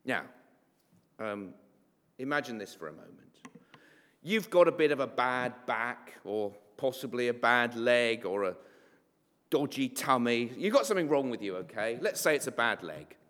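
Preacher with a lively voice, reverberant church. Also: male voice, medium pitch, moderate pace. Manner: conversational, wry, with asides and fillers. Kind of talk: sermon. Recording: long hall reverb.

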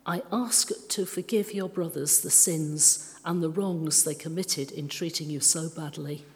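Lower-voiced woman reading scripture in a church. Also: a little slow. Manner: calm, careful reading aloud. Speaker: scripture reader. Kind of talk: Bible reading. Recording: long reverb of a large church.

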